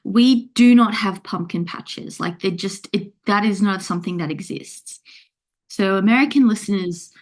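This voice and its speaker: A woman's voice: mid-range voice, moderate pace. A woman guesting on a podcast, chatting casually with lots of loose asides. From Australia. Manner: chatty, rambling with fillers. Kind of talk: casual chat.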